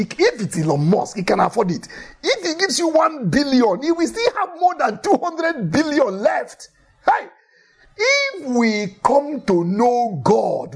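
A man's voice: extremely high pitch, slightly rough. A man preaching a sermon in an emphatic way, repeating key phrases for effect and telling Bible stories with animation.

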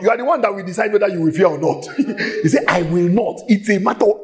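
A man preaching a sermon in a church, emphatic and shouting at times, repeating phrases rhythmically and laughing between lines. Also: high-pitched, fast, hardly any pauses. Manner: shouting, emphatic, with sudden exclamations.

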